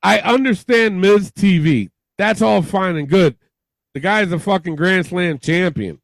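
A man's voice: high-pitched, unhurried, gravelly, dry recording, low-quality recording. A man co-hosting a podcast in loose, rambling chat with plenty of swearing. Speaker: podcast co-host. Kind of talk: casual chat.

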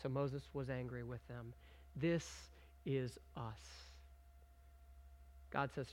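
At medium pitch, a man preaches slowly, with long pauses. The pastor reads scripture aloud with building emphasis and engages the congregation conversationally, asking them questions and prompting participation.

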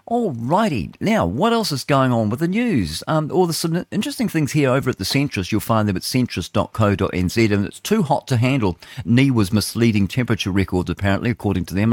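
A New Zealand man hosts a morning radio show in a low, fairly deep voice. He rambles through weather reports with fillers and side remarks. The studio sound is close and dry. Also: no room sound. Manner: rambling, chatty, asides and fillers. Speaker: radio host. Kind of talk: casual radio chat reading weather.

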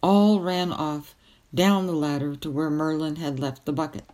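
A woman reading a novel aloud as a storyteller, with gentle, even narration. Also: sits low, normal speed.

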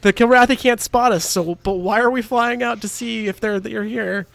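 A man's voice: high voice, fairly even intonation, moderate pace, vocal fry, a bit bright. A man co-hosting a casual movie review chat, swearing freely, laughing often and acting out lines. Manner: profane, laughing, acts out lines. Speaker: podcast co-host.

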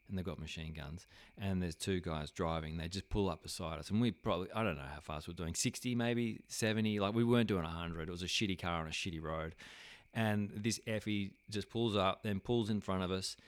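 Low-voiced man telling a rambling story. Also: dry recording. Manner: rambling, profane, many fillers and restarts. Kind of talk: casual storytelling anecdote.

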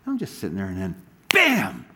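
A man's voice: sits low, huge pitch swings, brisk, gravelly, sharp tone, a little hiss or hum. A man preaching a sermon, telling stories animatedly with frequent restarts and asides. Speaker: pastor.

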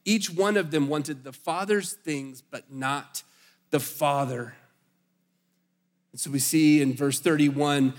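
A man's voice: medium pitch, a little slow, in a large hall. A man pastor preaching a sermon in a conversational, storytelling way, with slips and restarts.

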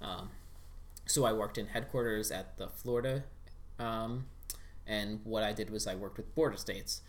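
A man's voice: lowish voice, slight background noise. A man chatting as a podcast guest, a former campaign staffer who explains things step by step with frequent ums. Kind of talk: casual explanatory chat.

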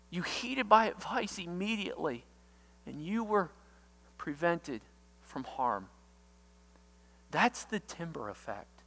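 Man, pastor, sermon, high voice, unhurried delivery, shouts for emphasis, echoing church. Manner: dramatic, shouts key words, acts out quotes.

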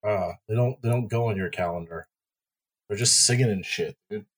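A man's voice: lowish voice, moderate pace, slightly rough. A man co-hosting a podcast, laid-back and mumbling, swearing casually in banter. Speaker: podcast co-host.

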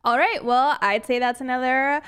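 A woman's voice: high-pitched, normal speed, a bit bright, smooth. A woman co-hosting a podcast, reviewing a horror movie in casual chat, with lots of fillers and giggles. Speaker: podcast co-host.

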